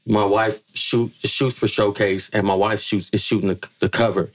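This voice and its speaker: A middle-aged music manager from California's Bay Area tells stories as a guest in a casual podcast interview. He's animated and profane, acting out quotes in a higher voice with jumps in pitch. He talks at normal speed.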